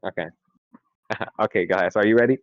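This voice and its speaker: A young man co-hosting a podcast in casual chat, excitable and quick to swear and laugh. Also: fairly low pitch, dry recording. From California. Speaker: podcast co-host. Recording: dry, dull lo-fi sound.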